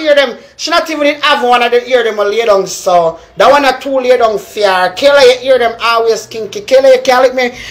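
A young woman, a social media personality with a Jamaican accent, rants on a live video, calling someone out over and over with heated, repetitive jabs. Her voice is high-pitched with a fairly bright tone.

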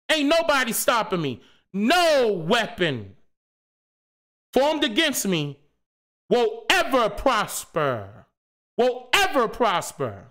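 Impassioned male live-stream host with a bright, sharp voice and a very lively pitch; preachy and slangy. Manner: passionate, fired up, preachy, rhetorical questions; casual slangy speech. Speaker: channel host.

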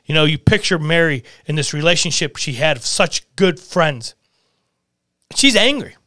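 A man hosting a podcast, preaching earnestly on scripture, reading verses aloud and retelling them in everyday words, at times dropping to a hush. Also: fairly high pitch, moderate pace, no room sound, studio quality. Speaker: podcast host.

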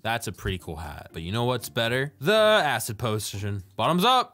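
High, lively goofy gaming commentator man. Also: moderate pace, hardly any pauses, loud music behind the voice. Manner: goofy, yelling and joking at other players. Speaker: gaming YouTuber. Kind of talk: excited let's-play commentary.

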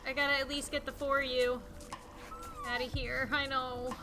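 A young woman commentating a game she plays, swinging between quiet sad musing and shrieking panic. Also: sits high, flat delivery, normal speed, pauses often. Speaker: gaming YouTuber. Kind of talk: let's play commentary. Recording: game music playing underneath.

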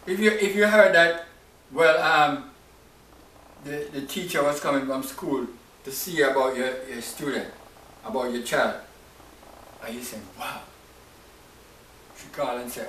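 A man's voice: medium pitch, fairly even intonation, measured pace, pauses often, a bit bright, far from the mic, slight background noise. A man teaching from the Bible in a loose, conversational way, often asking "right?" and "you know". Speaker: preacher. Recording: echoey room, voice off-mic.

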